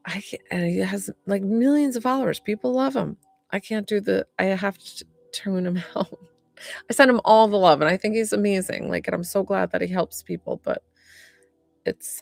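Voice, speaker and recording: A woman's voice: mid-range voice, gravelly, dry recording. A young woman from upstate New York, a medium chatting casually on a live stream, rambling and answering viewer comments.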